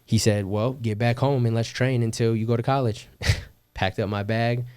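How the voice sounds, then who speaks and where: The young Californian podcast guest speaks in a mid-range voice with fairly even intonation and a moderate pace; the tone is darkish, clear and resonant, with no room sound. He recounts his story casually and slangily, swearing, quoting others and laughing a lot.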